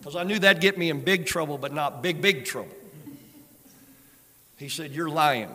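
An older man preaching a sermon, moving between hushed storytelling and loud exhortation. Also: a little high, moderate pace. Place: large church sanctuary. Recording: long hall reverb with soft music behind.

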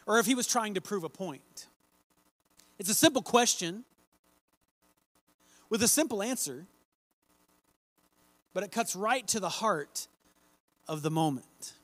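A man preaching a sermon, reading scripture aloud and slowing down to stress key phrases. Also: sits high, animated, sharp tone, no room sound.

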